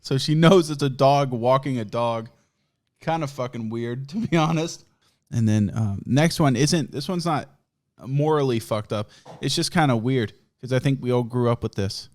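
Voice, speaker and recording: A man's voice: mid-range voice, normal speed, darkish tone. Crude, laughing podcast guy. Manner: crude, profane, rambling, often laughing. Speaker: podcast host. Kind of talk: casual comedic storytelling.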